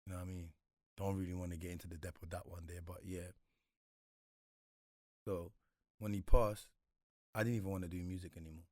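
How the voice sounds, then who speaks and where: Thirties guy, low dry voice, reflective interview guest, slangy. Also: flat delivery, a little fast, pauses often, darkish tone, no room sound. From Congo. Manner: reflective, slangy, repeats himself often. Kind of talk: casual interview talk.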